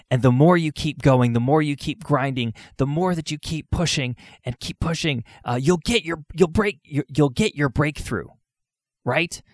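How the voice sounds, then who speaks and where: A man's voice: fairly high pitch, no echo, studio quality. A man hosting a solo podcast, talking earnestly and asking his listeners rhetorical questions.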